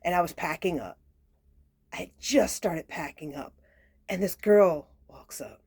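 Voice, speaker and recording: A woman, telling a personal story in a chatty, sassy way, talking straight to her viewers and sometimes dropping to a soft near-whisper. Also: fairly low pitch, a little slow, husky, no echo. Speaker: tarot reader and channel host. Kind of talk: casual spoken storytelling.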